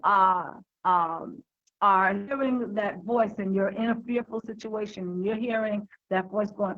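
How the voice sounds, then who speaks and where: A woman's voice: mid-range voice, fairly even intonation, moderate pace, a bit bright, dull audio. A woman giving an unscripted talk on handling fear, hesitant and full of fillers and restarts, heard over an online call. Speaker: speaker on overcoming fear.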